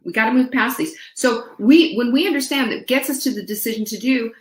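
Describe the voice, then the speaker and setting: A woman's voice: fairly high pitch, brisk, echoey room. A woman hosting a motivational show, talking in a playful, chatty way to her viewers and dropping into sung snippets and mimicked voices. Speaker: host. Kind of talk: upbeat motivational talk.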